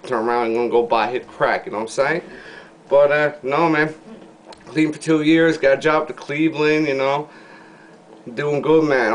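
A man with a Newfoundland accent ranting casually to camera in a video response, full of slang, rambling, sliding from low mutters into loud excited bursts. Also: slight background noise. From Newfoundland, Canada. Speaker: vlogger.

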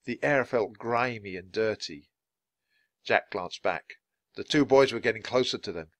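A man reading a children's storybook aloud in a clear, measured way for learners. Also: lowish voice, fairly bright tone, dry recording. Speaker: storybook reader. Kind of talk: children's book read-aloud.

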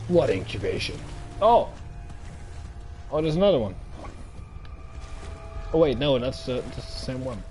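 A man giving casual, excitable gameplay commentary, thinking aloud and swearing often, his throat a little strained. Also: medium pitch, measured pace, long pauses, faint music behind. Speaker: gaming let's-player.

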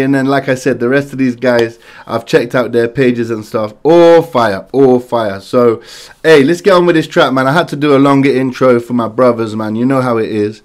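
A man chats through a music reaction in a loose, slang-heavy way and gets excited often. His voice sits at an ordinary middle pitch for a man. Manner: chatty and excitable, lots of slang. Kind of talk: casual reaction commentary.

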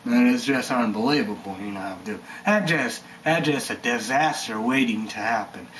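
A man rants into his camera in a loose, rambling way, circling back and filling gaps with "you know." He sounds indignant and swears freely, in an average-pitched voice. Faint background hiss sits under the recording. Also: animated, normal speed, a bit bright, low-quality recording. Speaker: energy drink reviewer vlogger. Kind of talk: casual rambling vlog rant.

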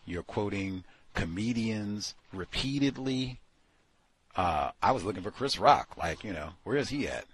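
A man's voice: lowish voice, animated, measured pace, fairly bright tone, slight background noise. A man hosting a talk show, giving a blunt, dismissive critique and repeating his points. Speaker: radio show host. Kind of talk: casual critical commentary.

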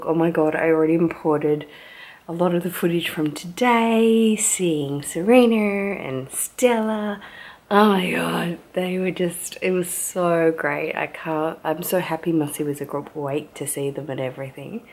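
A woman's voice: deep voice, a little slow. A young Australian woman, a new mum, chatting casually and rambling to camera at home. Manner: chatty and rambling, hushed at times. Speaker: vlogger. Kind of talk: casual vlog chat.

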